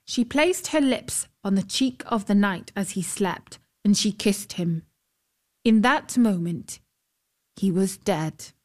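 A woman narrating a fairy tale in a gentle, expressive storybook style. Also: medium pitch, slow pace.

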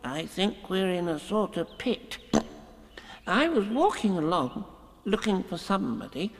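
A man voicing a very small, timid young piglet in a squeaky, trembling, hesitant voice for a storybook reading. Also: very animated, measured pace, gravelly, heavily acted. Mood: sad, nervous. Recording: long hall reverb.

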